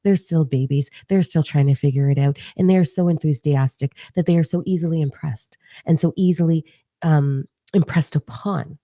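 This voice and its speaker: A middle-aged woman with a low, gravelly, dark voice tells a story to her viewers in a blunt, profane way. She is animated and acts out the people in it. The sound is dry and close. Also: moderate pace, no room sound. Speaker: spiritual video creator. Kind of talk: casual storytelling monologue.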